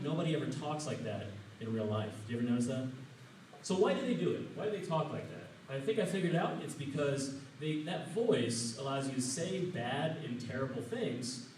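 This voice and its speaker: A man's voice: mid-range voice, a little mellow, a little hiss or hum. A young man tells stand-up stories in a laid-back, bro-ish way. His voice is picked up from a distance and rings around a very echoey comedy room. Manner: casual bro-ish storytelling. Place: open mic comedy room.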